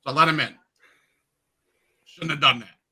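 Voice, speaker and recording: Bright-voiced chatty man in his fifties. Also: on the high side, unhurried, slightly rough, poor audio. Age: 50s. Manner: chatty, animated storyteller. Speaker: podcast host. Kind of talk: casual interview storytelling.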